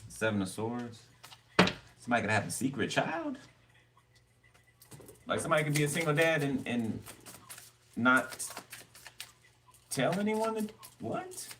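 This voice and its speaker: A man's voice: mid-range voice, big pitch swings, measured pace, pauses often. A man giving a casual tarot reading, rambling and blunt with cards, swearing freely. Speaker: tarot reader. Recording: distant mic with background noise.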